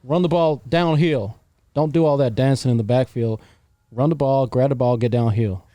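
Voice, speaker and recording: A man's voice: mid-range voice, normal speed, warm tone, no room sound, voice pushed down, lightly acted. A British man putting on the voice of a folksy Southern American college football man, with an exaggerated, mock-earnest drawl. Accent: British, putting on an American Southern accent. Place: inside a truck.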